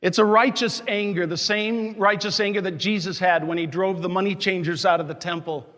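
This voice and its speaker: Fiery high-voiced priest preaching. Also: male voice, fairly even intonation, a little fast, a bit bright. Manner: impassioned, rhetorical questions, righteous anger. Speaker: parish priest. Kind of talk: sermon. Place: large church. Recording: long church reverb.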